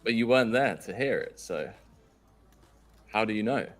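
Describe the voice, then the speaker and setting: A man's voice: fairly low pitch, animated, normal speed. A man with an Australian accent doing live poker commentary, joking and teasing his co-hosts.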